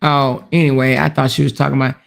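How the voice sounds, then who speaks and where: A woman's voice: extremely low pitch, little pitch movement, quick pace, gravelly. A woman hosting a casual livestream commentary, chatty, laughing often and reading comments aloud. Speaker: commentary host.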